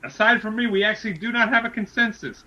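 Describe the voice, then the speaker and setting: A man co-hosting a casual podcast, making wrestling predictions and talking in excited, emphatic bursts that repeat words. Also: high-pitched, fast, muffled recording. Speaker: podcast co-host.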